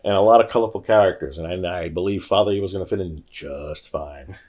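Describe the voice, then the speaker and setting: Lively man telling a long story. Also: low voice, fast. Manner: animated, acts out quoted voices. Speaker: podcast guest. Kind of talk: casual storytelling.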